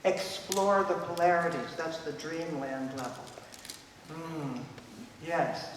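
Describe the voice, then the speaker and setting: High-voiced man lecturing in an echoey hall. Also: slow, slight background noise. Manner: emphatic, repeats key points, acts out quoted voices. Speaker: conference speaker. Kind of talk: lecture at a conference. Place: conference hall. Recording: echoey hall, voice picked up from a distance.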